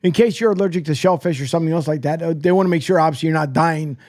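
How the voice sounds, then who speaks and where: Radio co-host, male, high voice, dry close sound, animated and laughing. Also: racing, dry recording. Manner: laughs often, animated storytelling. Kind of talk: casual sports radio banter.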